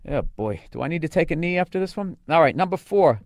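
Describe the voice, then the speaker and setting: A man's voice: fairly high pitch, lively intonation, fast talker, music in the background. Sarcastic profane podcast host man. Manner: profane, sarcastic, exasperated asides. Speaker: podcast host reading listener emails. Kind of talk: casual podcast chat.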